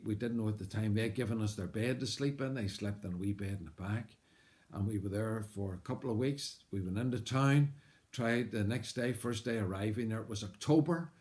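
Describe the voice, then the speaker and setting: Northern Irish man telling his testimony. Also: lowish voice. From Northern Ireland. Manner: earnest, animated retelling with frequent "uh" fillers. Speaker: missionary. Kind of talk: personal testimony storytelling.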